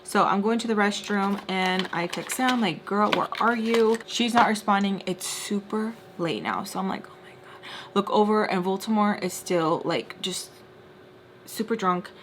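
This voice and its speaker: A young woman telling a casual storytime while doing her makeup, chatty and full of "like," sometimes dropping into hushed asides. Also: mid-range voice, animated, normal speed, slight background noise. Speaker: storytime vlogger.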